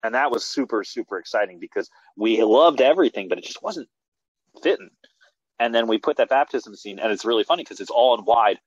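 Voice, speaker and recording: A male filmmaker talking casually in an interview over a video call, rambling excitedly with many restarts and fillers. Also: medium pitch, a little fast, husky, dry recording. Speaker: filmmaker guest. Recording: dull lo-fi video call audio.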